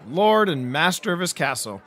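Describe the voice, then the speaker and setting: A man's voice: on the high side, sing-song, moderate pace, a bit bright, a faint crowd. A man narrating a first-person hard-boiled detective audiobook, with a wry storytelling delivery.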